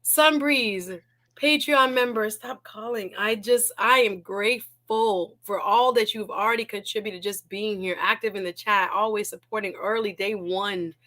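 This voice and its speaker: A woman's voice: medium pitch, a little slow, sharp tone. A woman hosting a casual livestream, talking emotionally, laughing often and repeating her words. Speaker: livestream host.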